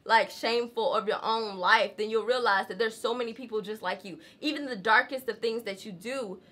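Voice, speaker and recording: A young Southern woman talks straight to her camera from home in a loose, candid way, full of asides to her viewers. Her voice is bright and sits a little high for a woman. Her country accent comes through plainly. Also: fairly quick. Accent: Southern American. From Southern United States, rural. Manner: chatty, candid, frequent laughs, says y'all. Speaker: vlogger. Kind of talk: casual chat to camera.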